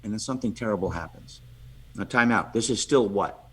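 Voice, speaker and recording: A man, a podcast guest, telling a lively story and acting out the voices of the people in it, often restarting and repeating words. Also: lowish voice, a little fast, husky. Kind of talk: animated storytelling.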